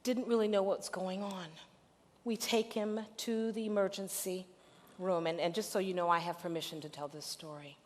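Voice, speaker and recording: A middle-aged woman pastor preaching a sermon, moving from hushed storytelling to loud, emphatic call-and-response peaks. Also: medium pitch, fairly even intonation, normal speed. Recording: reverberant hall recording.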